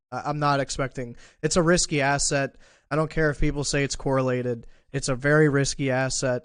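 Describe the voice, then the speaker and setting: A man's voice: mid-range voice, dry recording. Guy rambling through trading charts on a live stream, casual, ums and restarts, hiccuping a bit, dry sound. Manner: casual, thinking aloud with fillers and restarts. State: has the hiccups. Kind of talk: live market analysis chat.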